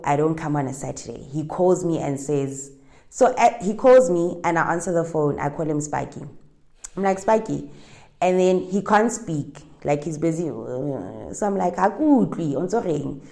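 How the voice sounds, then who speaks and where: A woman's voice: low voice, expressive, moderate pace, creaky, mellow. A young woman with a South African accent telling a personal story in a chatty, winding way, dropping Setswana phrases into her English. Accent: South African, Setswana-speaking. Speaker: interviewee.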